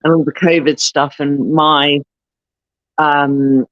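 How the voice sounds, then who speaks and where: A woman's voice: low-pitched, flat delivery, takes it slowly, no room sound, highs cut off. A woman guest on a podcast, telling stories casually, acting out what people said and swearing now and then. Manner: chatty storyteller, swears, acts out quotes. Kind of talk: casual chat.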